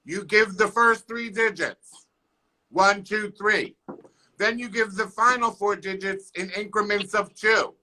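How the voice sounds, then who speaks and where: A man's voice: sits high, unhurried, bright, forceful tone. A man doing a playful, theatrical comic monologue on a live stream, scatting rhythms aloud. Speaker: comedian guest.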